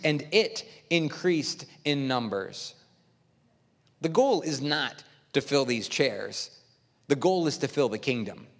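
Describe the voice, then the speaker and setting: A man's voice: mid-range voice, big-room sound. A male pastor preaching a sermon, telling stories emphatically and quoting his own words, in a church sanctuary. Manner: emphatic storytelling, quoting himself.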